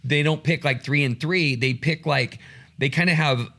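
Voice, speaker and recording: A man co-hosting a podcast with his wife, telling family stories in a relaxed, easygoing way. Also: fairly high pitch, moderate pace, creaky. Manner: relaxed storytelling with fillers. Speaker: podcast co-host. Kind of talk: casual chat with wife.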